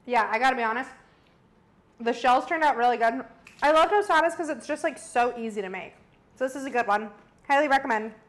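A woman's voice: on the high side, brisk. A young woman hosting a live cooking stream, chatting casually and teasing her partner with frequent laughs. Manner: playful, laughs often, teasing. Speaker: cooking show host.

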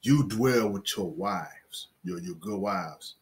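A man with a very low voice talks about scripture with his wife in a relaxed discussion. His speech is halting and packed with fillers, and his tone has a husky edge. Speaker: co-host, husband. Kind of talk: casual Bible discussion.

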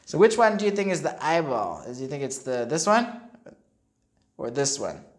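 A woman teacher reading a picture book aloud to young children and explaining the words as she goes. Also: normal speed. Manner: expressive, leaps up in pitch for character voices. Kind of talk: storybook read-aloud with explanations for kids. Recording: echoey room.

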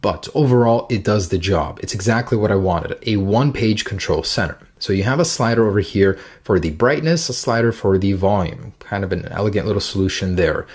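A man's voice: fairly low pitch, fairly quick, hardly any pauses, slightly rough. A man giving a casual, upbeat and chatty walkthrough as a tech reviewer.

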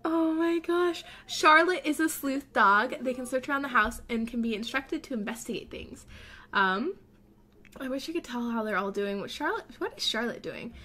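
A young-sounding woman talks her way through a game as casual commentary, her voice bright and crisp and pitched a little high. She rambles and thinks aloud, and often breaks into gasps and delighted squeals. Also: normal speed. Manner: excitable, gasping and squealing with delight. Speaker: let's play host.

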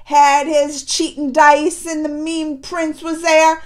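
A woman hosting a reaction video, recapping episodes in a lively, expressive way with frequent laughs and exclamations. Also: high voice, takes it slowly.

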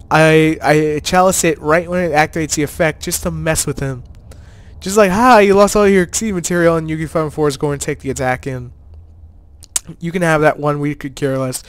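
A man's voice: fairly high pitch, clear, resonant tone, no room sound. A man giving casual, joking commentary over a card game he played, with laid-back gamer slang. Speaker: player and channel host.

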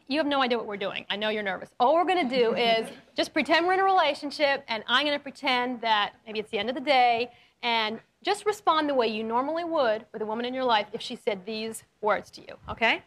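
Woman, talk show host, high pitch, animated, playful, addressing a studio audience. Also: brisk. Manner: animated, coaching, playful role-play demos.

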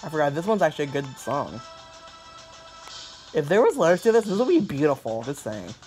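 A young man giving casual let's-play commentary, excitable, laughing a lot and swearing. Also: fairly high pitch, brisk, faint music behind. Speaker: gaming YouTuber.

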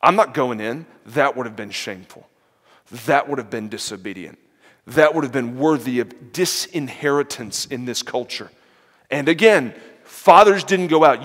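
Man, animated preacher, mid-pitched voice, voices the parable's characters, echoing hall. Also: moderate pace. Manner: frequent fillers and restarts. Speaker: lecturer. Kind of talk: sermon-style lecture on a parable. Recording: long hall reverb.

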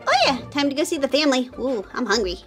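A woman voicing a playful cartoon family of excitable kids who talk in a giddy, exclaiming way. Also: high voice, fast talker, faint music behind. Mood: excited.

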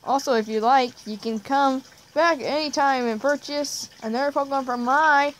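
A woman's voice: high-pitched, fairly even intonation, moderate pace, a little hiss or hum, lightly acted, rough recording. A woman reading out a game's friendly male professor, in a plain voice close to her own. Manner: reading game dialogue aloud in a plain voice. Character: friendly male Pokemon professor, welcoming and eager.

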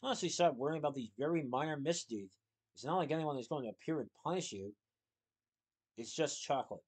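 A man's voice: on the high side, a little fast, slightly rough. A man voicing an anxious, guilt-ridden male priest who talks sheepishly and mutters to himself in a storybook reading. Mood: muttering.

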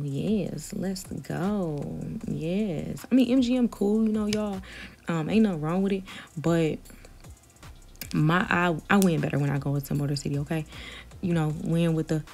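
A woman's voice: mid-range voice, mellow. A young woman from Detroit telling a brash, profane story in a chatty way while doing a wig tutorial, addressing viewers as y'all. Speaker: hairstylist vlogger.

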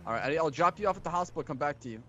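Excitable fast-talking young man. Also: a little high, dull audio, slight background noise. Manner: excitable, defensive, talks over others. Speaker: taxi partner in role-play. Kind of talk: improvised role-play.

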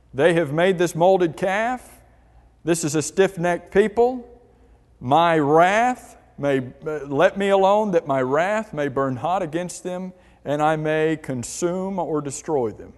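A man with a high-pitched voice leads a church Bible class, asking the group questions and reading scripture passages aloud. His voice rings with a long reverb in a large hall. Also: animated, takes it slowly.

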